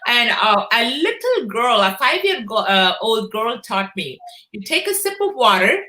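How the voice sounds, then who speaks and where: A middle-aged woman hosts a live stream in a bright, forceful voice pitched a little high. She greets viewers by name, pausing often on "uh". The sound is roomy and echoey. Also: sing-song. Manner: warm greetings with many "uh" fillers. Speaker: host of a live online broadcast. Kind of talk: casual live-stream hosting.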